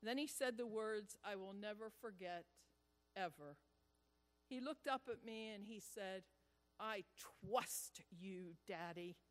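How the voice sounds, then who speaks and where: Slow, high-voiced pastor in echoing hall. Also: male voice, clean tone. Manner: earnest, drawn-out storytelling with deliberate pauses. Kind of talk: sermon with a personal story. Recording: long reverb of a large hall.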